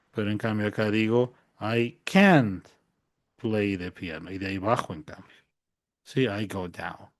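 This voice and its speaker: Man teaching English slowly. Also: fairly low pitch, a little mellow. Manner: slow drilled example sentences, repeats in Spanish. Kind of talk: online bilingual lesson.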